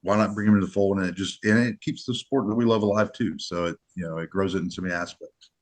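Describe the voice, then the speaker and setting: A middle-aged man with a very low, deep voice, chatting in a relaxed podcast conversation. He talks earnestly and loosely, often circling back and restarting his sentences. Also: fast talker. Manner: earnest, rambling, many restarts. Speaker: match director. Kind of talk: casual podcast chat.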